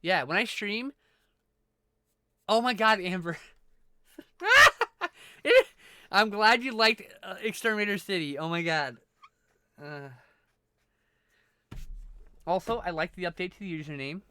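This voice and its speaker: Streamer voice, bright, smooth, dry close sound, chatty, casual swearing. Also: mid-range voice, big pitch swings, slow, long pauses, dry recording. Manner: chatty, swears freely, laughs often; greets and thanks viewers warmly. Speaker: live streamer. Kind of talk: casual live-stream chat.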